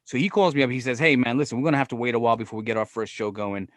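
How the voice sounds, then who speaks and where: A man's voice: medium pitch, racing, no echo, clean studio sound. Profane New man telling stories. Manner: profane, animated, quotes himself and others. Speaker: podcast guest. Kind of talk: casual storytelling.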